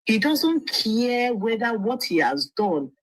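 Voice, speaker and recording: A woman's voice: fairly high pitch, very animated, slow pace, no room sound, poor audio. A woman, a lawyer speaking as a guest on a livestream, earnest and often restarting her words. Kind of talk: livestream interview.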